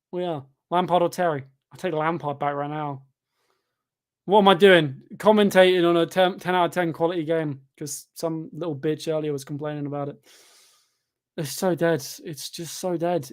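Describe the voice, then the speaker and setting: A young man hosting a live football watchalong, sarcastic and exasperated, doing mock commentary. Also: a little high. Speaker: fan channel host.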